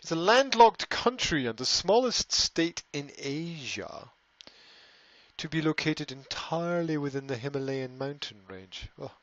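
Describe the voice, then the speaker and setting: A man's voice: on the high side, lively intonation, unhurried, a bit bright, no room sound, lo-fi sound. A man hosting a casual live stream, rambling, often repeating words and reading out viewer comments. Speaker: language school host answering live chat.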